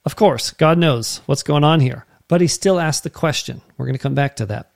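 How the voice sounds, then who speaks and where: A man's voice: a little high, moderate pace, creaky. A man preaching a sermon as pastor, in a conversational way that keeps checking in with the listeners.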